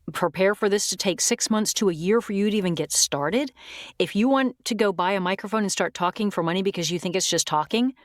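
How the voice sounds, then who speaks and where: Woman, voice coach, straight-talking and chatty, lowish voice, dry close mic. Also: dry recording. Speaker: voice actor and coach, guest. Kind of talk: casual podcast interview.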